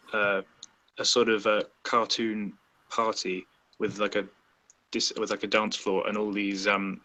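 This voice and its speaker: Hesitant young man with a lowish voice. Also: sharp tone, low-quality recording. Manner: hesitant, many fillers and restarts. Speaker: live stream guest. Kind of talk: casual live stream discussion.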